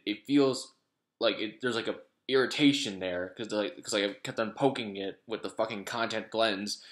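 A man's voice: lowish voice, fairly bright tone. A man talking casually to his vlog audience in a rambling way, with lots of fillers, restarts and swearing. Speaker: vlogger.

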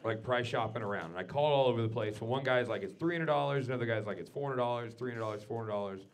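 Stand-up guy telling a story on a club stage, cusses a lot, goes quiet then yells, mid-pitch voice. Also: fast talker, slight background noise. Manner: storytelling, swings from low and quiet to loud ranting outbursts; swears freely. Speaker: stand-up comedian. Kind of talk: stand-up comedy set. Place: comedy club stage before a live audience.

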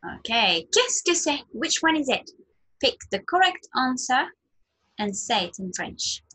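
Woman, nursery language teacher, fairly high and very lively voice, slow sing-song delivery. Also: slightly rough. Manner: slow, sing-song modelling of words for small children. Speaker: French teacher.

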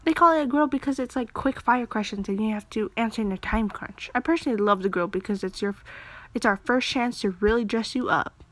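Bubbly stylist friend from a story game, brisk and chatty, higher dry voice, as a woman puts her on. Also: no room sound, natural voice. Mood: upbeat. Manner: brisk, bubbly, calls people honey.

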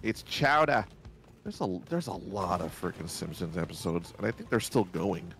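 A man's voice: sits low, big pitch swings, normal speed. A man chatting casually while playing a video game, joking, laughing often and swearing freely. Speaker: let's play co-host. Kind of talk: casual gaming chat.

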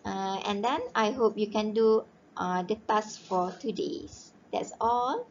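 A woman teaching a recorded primary-school English grammar lesson, slowly spelling out words letter by letter. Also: mid-range voice, a little hiss or hum. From Malaysia. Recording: dull lo-fi home recording.

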